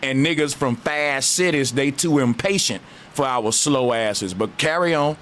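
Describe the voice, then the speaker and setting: A man with a Southern US accent, hosting a call-in debate, talking slowly and arguing hard. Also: mid-range voice, fairly bright tone, slight background noise. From Southern United States. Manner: slow, drawling, argumentative. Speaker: host.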